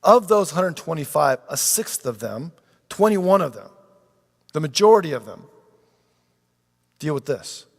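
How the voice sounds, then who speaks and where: A man preaching a sermon as pastor, animated and conversational, acting out pleas with a rising voice. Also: unhurried, creaky, long pauses. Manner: animated, acts out quoted pleas with rising pitch. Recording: long reverb of a large hall.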